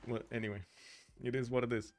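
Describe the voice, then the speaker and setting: A man's voice: mid-range voice, flat delivery, fast, a little hiss or hum. A man from Romania with a Romanian accent, commentating a strategy game on a live stream, chatty and full of fillers as he searches for words, laughing easily. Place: home streaming room.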